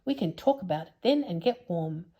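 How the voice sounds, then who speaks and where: A woman voicing an anxious, excitable young girl in a storybook reading. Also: fairly low pitch, moderate pace, breathy edge. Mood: coaxing. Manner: urgent, excitable.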